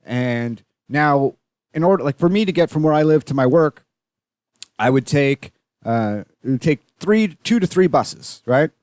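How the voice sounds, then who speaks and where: A man's voice: a little high, lively intonation, unhurried, darkish tone, no echo, studio quality. A man hosting a solo podcast, ranting and swearing constantly in a rambling way full of fillers and restarts. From Canada. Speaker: podcast host.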